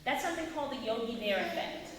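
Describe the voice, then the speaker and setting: A woman leading an acting workshop, animated and quizzing her class with questions, heard from afar in an echoey hall. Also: fairly high pitch, quick pace. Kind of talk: classroom teaching. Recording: echoey hall, mic far off, faint noise.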